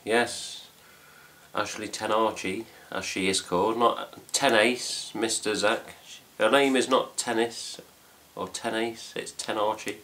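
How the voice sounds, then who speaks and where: A man's voice: lowish voice, fairly even intonation, slow, a bit bright. A middle-aged man with an English accent, rambling casually to camera at home as host of a fan news video, swearing lightly as he goes. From England. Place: home room with cats.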